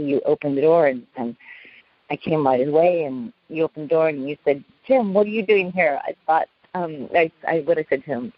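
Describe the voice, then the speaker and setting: A middle-aged woman recounting a past ordeal in an interview, halting, with many restarts and fillers. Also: rumbling low, husky. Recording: dull, lo-fi sound.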